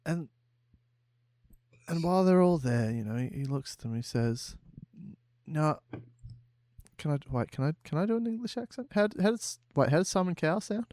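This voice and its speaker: A man with a somewhat high voice improvises a pompous villain monologue on a comedy podcast. The sound is close and dry, and he keeps breaking off with rambling asides. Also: animated, brisk, dark tone, no room sound. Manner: rambling, self-interrupting, giggly asides. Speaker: podcast co-host.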